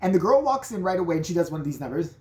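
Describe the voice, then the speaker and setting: Brash, swearing woman with a low voice. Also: very fast. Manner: brash, swearing, rambling and animated. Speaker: comedic storyteller. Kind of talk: profane comedic rant.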